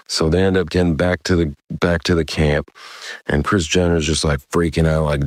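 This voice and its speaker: Very deep-voiced laid-back young man. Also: little pitch movement, normal speed, no room sound, studio quality. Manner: rambling, slangy, laid-back. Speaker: podcast host. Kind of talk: casual storytelling.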